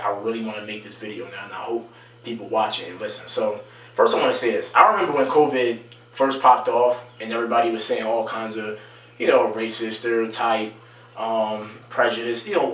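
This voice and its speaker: A man giving an impassioned monologue to camera, repeating points emphatically and pushing his voice up to stress them. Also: a bit bright. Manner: emphatic, repetitive, rising to raised pitch when stressing points. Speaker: video creator. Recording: roomy sound from a distance from the mic.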